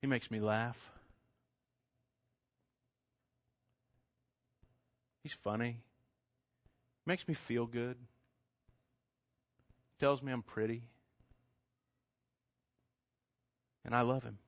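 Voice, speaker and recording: A man's voice: mid-range voice, very animated, slow, vocal fry, long pauses, a bit bright, no echo, full character voice. A man doing a young woman brushing off a suitor. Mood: soft.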